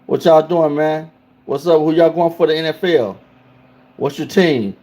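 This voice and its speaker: Guy running a livestream, loose slangy chat, voice sits a bit high. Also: unhurried, dark tone. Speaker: livestream host.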